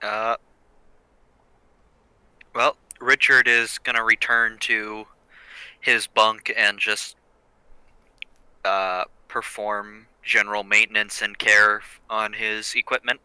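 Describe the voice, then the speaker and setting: Slow, hesitant male player. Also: fairly low pitch, flat delivery, pushed and bright, smooth, dry recording, rough recording. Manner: hesitant, many fillers. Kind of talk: casual game talk.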